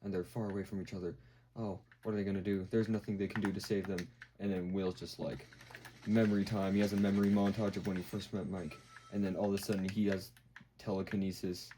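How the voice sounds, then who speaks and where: A man's voice: low voice, flat delivery, fast, dark tone, a little hiss or hum, low-quality recording. A man hosting a video, casually recapping a show in a rambling way with lots of fillers. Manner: rambling, full of fillers and acted-out quotes. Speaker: video host.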